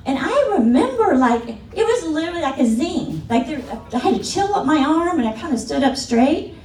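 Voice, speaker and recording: A middle-aged woman giving a keynote talk at a conference, telling stories in an animated way and acting out the voices of the people she quotes, often laughing as she speaks. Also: sits high, moderate pace, recorded from a distance. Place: large conference hall. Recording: echoey hall from afar, faint room noise.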